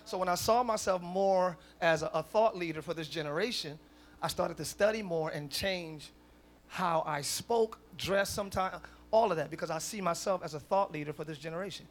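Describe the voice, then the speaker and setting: A pastor from the northern United States preaches at a live church service in a high-pitched voice at a moderate pace. He swings from soft conversational asides to loud, shouted declarations, with call-and-response from the congregation.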